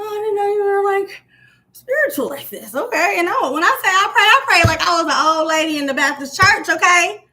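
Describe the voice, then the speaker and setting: A woman chatting casually on her own livestream, telling animated stories full of slang and swearing. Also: high voice. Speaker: live stream host.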